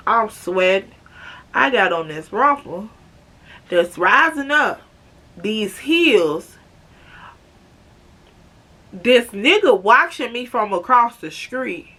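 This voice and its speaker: Young woman, storytime vlog, dramatic and chatty, slow unhurried delivery. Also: fairly high pitch, expressive, bright, forceful tone. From Chicago, USA. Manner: dramatic, chatty, keeps calling viewers "girl". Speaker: vlogger.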